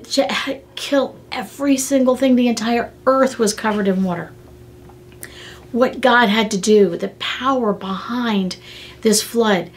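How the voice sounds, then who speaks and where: A middle-aged woman hosting a devotional podcast, teaching in an earnest, conversational way and telling stories with emotional emphasis. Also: a little high.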